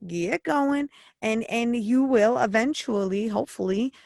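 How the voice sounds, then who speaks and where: A woman's voice: a little high, unhurried, gravelly, a little mellow, no room sound, clean studio sound. A woman hosting a podcast in casual interview chat, frank and rambling, swearing freely as she talks. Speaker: podcast host.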